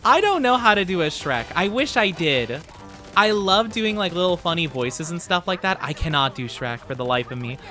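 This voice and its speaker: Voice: medium pitch, sing-song, normal speed, bright, forceful tone, faint music behind. A streamer giving casual, chatty commentary while playing a game, often laughing and greeting chat at a desk microphone. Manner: chatty, giggly, talks to chat.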